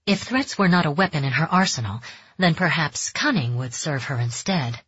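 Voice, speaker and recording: Woman reading a story aloud, husky breathy low voice, dull dry recording. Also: lively intonation, no room sound. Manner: tense, measured storytelling. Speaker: audiobook narrator. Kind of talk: scripted narration.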